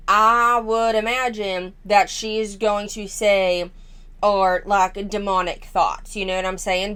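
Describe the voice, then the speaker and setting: A woman's voice: mid-range voice, fairly bright tone, smooth. A woman hosting a commentary channel, reacting to a family vlog in a frank, unpolished way with lots of fillers.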